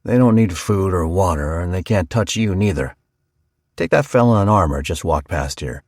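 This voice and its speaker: Man voicing a cursing barber: gravel in the throat, blunt, low and dry. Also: expressive, normal speed, a little mellow, no echo. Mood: grumbling. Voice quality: grinding, gravelly. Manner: blunt, swearing. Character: gruff male small-town barber, blunt and cursing.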